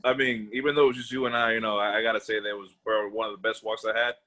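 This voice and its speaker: Low, bright-voiced enthusiastic man. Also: little pitch movement, rapid-fire. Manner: enthusiastic, laughs easily. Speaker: guest referee. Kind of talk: casual chat.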